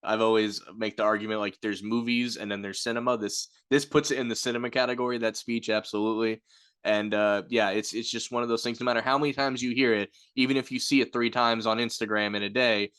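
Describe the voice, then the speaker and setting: Casting: low-pitched man, reflective co-host, long easy explanations. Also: fairly even intonation, fast, a bit bright, clear, resonant tone. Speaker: film review podcast co-host. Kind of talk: casual chat.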